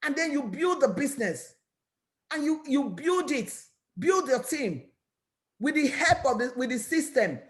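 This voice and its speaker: Speaking a little slowly in a high pitch, a Nigerian English–accented woman gives a motivational talk on her network marketing business. She's energetic and preachy, and she keeps repeating herself and restarting words.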